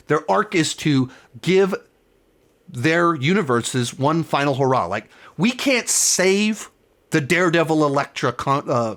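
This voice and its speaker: A man's voice: mid-range voice, a bit bright. A man hosting a casual spoiler review, talking with enthusiasm in a rambling way and often correcting himself mid-sentence. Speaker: film review host.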